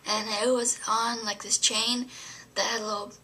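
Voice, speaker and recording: A woman's voice: a little high, flat delivery, a little slow, sharp tone, slight background noise. Young woman rambling with whispered asides. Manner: rambling, full of fillers, often drops to a whisper. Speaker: vlogger. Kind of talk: casual storytelling to camera.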